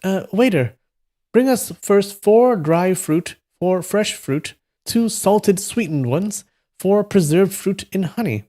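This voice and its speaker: A man's voice: high voice, slow pace, voice pushed up. A man voicing a teasing young beggar boy in a live reading of a storybook. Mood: haughty. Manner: teasing, lively.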